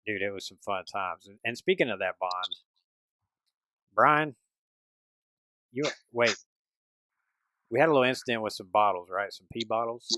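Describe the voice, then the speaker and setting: A man's voice: lowish voice, moderate pace, pauses often, bright, forceful tone, a little hiss or hum, rough recording. Laid-back man hosting a podcast. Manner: loose, laid-back with many restarts and "dude". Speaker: podcast host. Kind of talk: casual chat.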